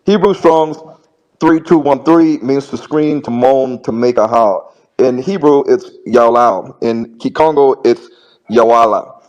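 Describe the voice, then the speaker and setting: A man's voice: medium pitch, darkish tone, muffled recording. A man arguing his case in a debate, restarting phrases often and running through long lists of words. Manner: repeats words, many restarts, rapid lists of words. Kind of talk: debate argument.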